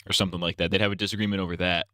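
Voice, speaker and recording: A man's voice: low voice, level tone, rapid-fire, bright, forceful tone, dry recording, clean studio sound. A young man co-hosting a casual stream, blunt and crude in his jokes.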